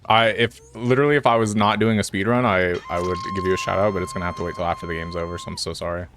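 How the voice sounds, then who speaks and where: Deep-voiced laid-back male streamer. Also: fairly even intonation, very fast, noisy background. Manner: laid-back, rambling, greets chat. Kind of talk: casual live-stream chat while gaming.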